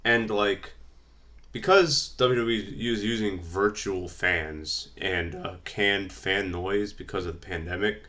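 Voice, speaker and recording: A man's voice: deep voice, takes it slowly, bright, forceful tone. A man vlogging casually, rambling with lots of fillers while he reads from his notes. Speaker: wrestling vlogger. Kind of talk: casual fantasy-booking commentary.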